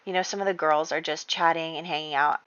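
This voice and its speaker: A woman's voice: sits low, steady tone, fast, a bit bright, clean tone, no echo, highs cut off. A woman narrating a life-sim game in a chatty, casual storytelling way, full of fillers. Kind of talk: casual let's-play storytelling.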